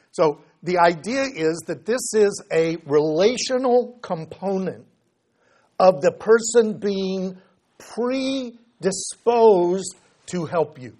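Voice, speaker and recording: A man with a somewhat high voice preaches a sermon. He drags scripture quotes out slowly. He jumps from loud, stressed words to quiet asides. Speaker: pastor.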